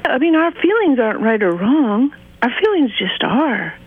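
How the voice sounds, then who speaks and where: A woman guest talking earnestly and gently in an interview, sometimes acting out inner voices. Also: a little high, very animated, normal speed. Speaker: guest author. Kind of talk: casual interview talk. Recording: phone-line sound.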